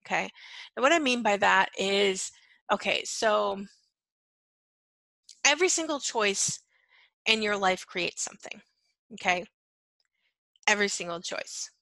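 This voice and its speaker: A woman with a bright, gravelly voice talks her listeners through a lesson on empathy. She is earnest and repeats her key phrases, checking in with "right?" and "okay". The sound is dry and close. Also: medium pitch, lively intonation, unhurried, pauses often, no room sound, low-quality recording. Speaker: empath coach. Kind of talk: teaching monologue.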